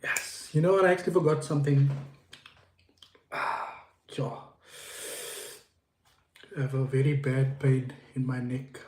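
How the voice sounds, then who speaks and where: A man's voice: medium pitch, unhurried, pauses often, a little mellow. A man hosting a casual livestream, greeting viewers by name and repeating himself as he rambles. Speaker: livestream host. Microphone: phone. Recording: echoey room.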